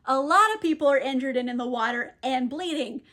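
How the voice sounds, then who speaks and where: A young woman recaps a novel's plot casually as a book reviewer, laughing often and packing her talk with fillers and quick quoted asides. Her voice is high, bright, and forceful.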